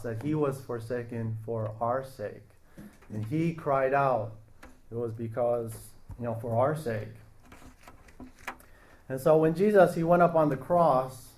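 A man preaching a sermon in a slow, earnest way, pausing and restarting his phrases. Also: mid-range voice, darkish tone.

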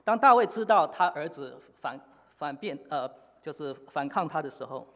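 A man preaching a sermon in short phrases, pausing often with fillers for an interpreter. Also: fairly high pitch, lively intonation, a bit bright. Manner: halting, many filler pauses. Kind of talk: sermon in Chinese with live interpretation. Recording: long hall reverb.

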